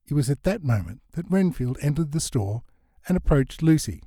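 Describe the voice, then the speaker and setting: A man narrating a comic novel in a lively storytelling manner. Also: a little high, moderate pace, dry recording, clean studio sound. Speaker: audiobook narrator. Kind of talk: scripted narration.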